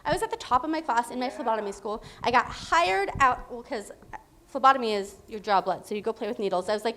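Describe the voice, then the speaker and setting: A woman's voice: a little high, sing-song, fast talker, background noise. A woman in her thirties sharing her personal recovery story at a meeting, candid and emotional, laughing often as she talks. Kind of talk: personal testimony.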